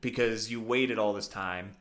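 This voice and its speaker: A man's voice: on the low side, fairly even intonation, measured pace, fairly bright tone. A man co-hosting a casual podcast, rambling with many fillers and restarts. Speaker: podcast co-host. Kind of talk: casual chat.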